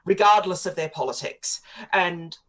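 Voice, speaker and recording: A woman's voice: fairly low pitch, normal speed, fairly bright tone. Articulate woman commentator. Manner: articulate and opinionated, long flowing arguments. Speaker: political commentator. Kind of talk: studio interview on talk radio.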